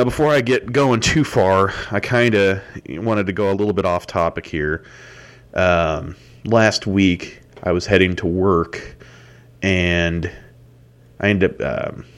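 A man hosting his own podcast, talking in a loose, rambling way with many fillers and restarts. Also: deep voice. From United States. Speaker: podcast host. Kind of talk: solo podcast monologue.

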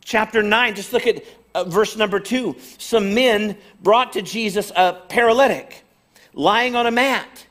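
A man's voice: high voice, unhurried, a bit bright. A man preaching a conversational sermon as a pastor, emphatic and fond of repeating phrases to build up to a point.

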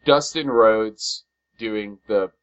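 A man's voice: on the low side, clean tone. Man co-hosting on a dull lo-fi track. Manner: animated, quick to exclaim, acts out quotes. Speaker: podcast co-host. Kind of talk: casual chat.

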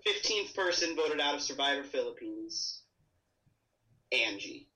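A man impersonating a reality-show host tallying votes with announcer's pauses. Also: medium pitch, expressive, bright, forceful tone, poor audio. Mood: announcing.

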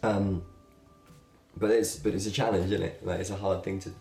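A man's voice: deep voice, moderate pace, vocal fry, soft background music. A young man, talking casually and thoughtfully to his camera as a video blogger, rambling a little with fillers. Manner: relaxed, rambling, with fillers and laughs. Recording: echoey room.

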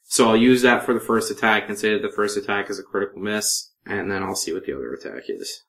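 A man's voice: fairly low pitch, fast talker, poor audio. A man running a tabletop game. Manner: relaxed, explaining rules and describing scenes. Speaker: game master.

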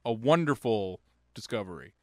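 A man's voice: on the low side, big pitch swings, moderate pace, a little mellow, no echo. A man co-hosting a podcast in a loose, joking chat and laughing often. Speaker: podcast co-host. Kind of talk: casual chat.

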